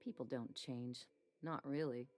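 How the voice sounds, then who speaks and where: A woman's voice: very deep voice, steady tone, measured pace, darkish tone, soft background music. An actress playing a cynical female ship medic in a video game, talking in a dry, sarcastic way. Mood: wry.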